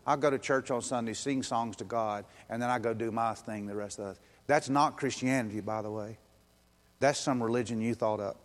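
Man, pastor, earnest sermon, mid-pitched voice, long church reverb. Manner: earnest, building to urgent appeals then softening. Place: church sanctuary.

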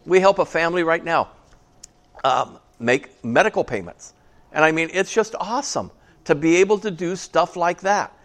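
A man's voice: a little high, moderate pace, fairly bright tone. A man preaching a casual sermon to a small church, chatty and joking, asking the congregation questions. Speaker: pastor.

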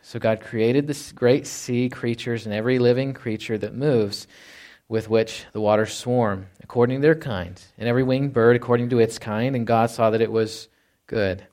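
A man's voice: medium pitch, fairly even intonation, moderate pace, darkish tone. A man, a pastor, preaching a conversational sermon, reading scripture aloud and asking rhetorical questions.

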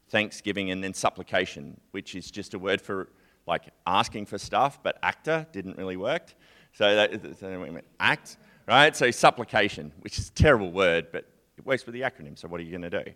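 A man giving a conversational sermon, chatty and animated, sometimes acting out a distressed psalmist's prayers. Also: on the low side. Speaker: preacher.

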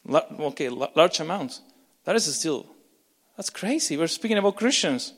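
A man preaching a sermon as pastor, impassioned, with frequent repeats and restarts, swinging between urgent loud lines and hushed ones. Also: on the high side, expressive, moderate pace. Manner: repeats words and restarts mid-phrase. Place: church sanctuary. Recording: long reverb of a large church.

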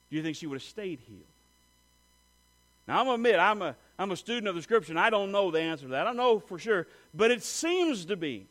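High-voiced man preaching with dramatic swings. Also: poor audio. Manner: dynamic preaching, swinging from loud emphasis to hushed low lines; asks the listeners direct rhetorical questions. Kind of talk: sermon.

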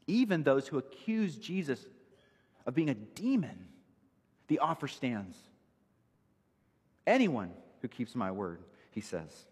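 Male preacher, husky voice, animated pitch, emphatic teaching delivery, long hall reverb. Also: slow pace, pauses often. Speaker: pastor. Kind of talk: expository sermon.

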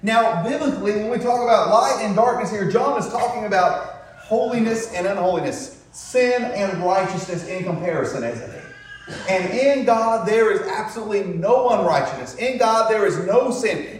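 A man's voice: high voice, expressive, moderate pace. A man preaching a sermon to a congregation, drawing out emphatic words and throwing in tag questions like "isn't it?". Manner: call-and-response preaching, rhetorical tag questions. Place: church sanctuary. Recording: very echoey room, voice far from mic.

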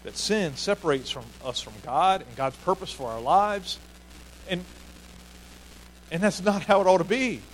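A man preaching a sermon with an earnest delivery. His voice sits a little high for a man, and he repeats key phrases to drive them home. A faint hum runs underneath. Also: animated, measured pace, pauses often, rough recording. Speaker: pastor.

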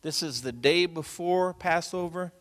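A male pastor preaching a sermon, moving from quiet storytelling to loud, urgent exhortation. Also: fairly high pitch, measured pace. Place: church sanctuary. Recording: long hall reverb.

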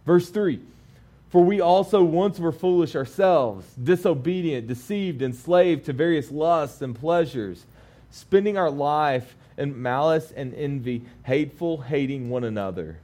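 Guy in his 30s preaching, laughs a lot telling stories then calms down to read scripture, kinda higher voice. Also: measured pace. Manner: animated storytelling, laughs often, switches to calm scripture reading. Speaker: pastor. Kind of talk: sermon.

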